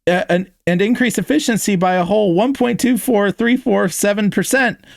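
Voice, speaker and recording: A man's voice: high-pitched, moderate pace, vocal fry, no room sound, studio quality, pitched above the performer's own voice. A man voicing an enthusiastic, nerdy male alien mechanic who rambles through technical details.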